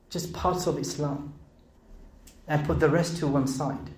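A man's voice: on the high side, fairly even intonation, measured pace, long pauses, darkish tone, echoey room. A middle-aged man with a British accent giving a sermon, asking earnest rhetorical questions and pressing to emphatic peaks. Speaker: speaker.

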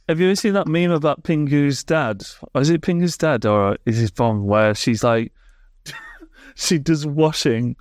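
A man's voice: fairly high pitch, expressive, moderate pace, dry recording, studio quality. A man co-hosting a podcast, rambling in casual chat with lots of fillers. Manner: rambling, full of likes and laughs. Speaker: podcast co-host.

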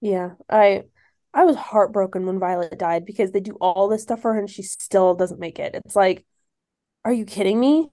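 A woman's voice: mid-range voice, normal speed, mellow. A woman co-hosting a book review chat, talking enthusiastically and laughing between her remarks. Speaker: book podcast co-host. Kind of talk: casual chat.

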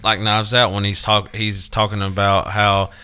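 A man's voice: lowish voice, flat delivery, normal speed, bright, forceful tone, smooth. A man co-hosting a casual comic podcast, making dry joking asides. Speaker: podcast co-host. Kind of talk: casual chat.

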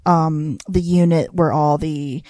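A woman's voice: deep voice, steady tone, slow, dark tone, no room sound. A woman who works as a hospital chaplain resident, chatting casually on a podcast, rambling with many fillers and laughs. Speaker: podcast co-host. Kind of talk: casual chat.

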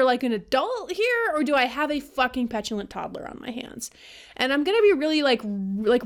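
Woman vlogger, slightly high voice, blunt and foul-mouthed, rambling casual rant. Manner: blunt, profane, rambling with fillers.

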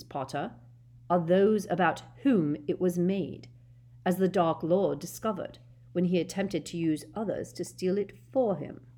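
A scheming storybook villain drawls his words slowly and softly, savoring every threat, as a woman reader puts him on. His voice sits low and hushed. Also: natural voice. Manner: slow, smooth and malicious. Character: cold, scheming grown man, masked villain.

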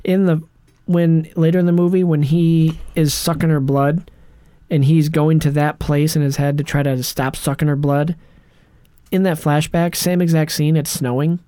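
Podcast co-host, male, lively and sarcastic, dry close-miked sound. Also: on the high side, smooth, no room sound. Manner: animated, quick asides and mocking line readings. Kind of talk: casual movie-review chat.

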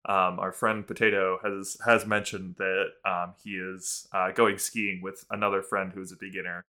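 A man's voice: sits low, little pitch movement, moderate pace, pushed and bright. A man chatting casually on a podcast, rambling with lots of ums. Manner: rambling with many fillers. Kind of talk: casual chat.

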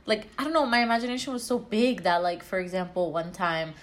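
A young woman and mother chatting casually on a vlog, telling childhood stories and acting out the voices. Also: fast. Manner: animated storyteller, acts out voices with big pitch jumps. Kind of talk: casual chat.

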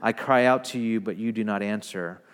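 A man preaching a sermon, swinging between loud emphatic declarations and hushed, low retellings. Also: moderate pace. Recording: long hall reverb.

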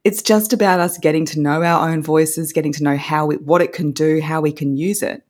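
A woman's voice: deep voice, steady tone, a little fast, a little mellow. A woman, a voice coach, explaining her course in an upbeat, instructive way as an interview guest. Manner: upbeat, instructive, demonstrates vocal techniques.

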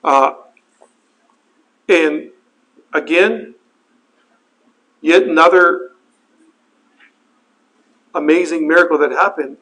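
A man with a slightly higher voice tells a personal story. He talks earnestly and haltingly, often repeating words and restarting his sentences as he goes. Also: fairly bright tone, rough recording. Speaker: helicopter flight instructor telling his crash story. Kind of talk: personal account, spoken testimony.

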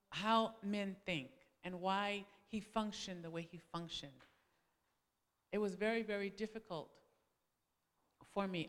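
Animated high bright-voiced woman preaching. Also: in a large hall. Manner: animated storytelling, acting out quoted arguments with big pitch swings. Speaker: preacher's wife speaking to a congregation. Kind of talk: sermon-style personal testimony.

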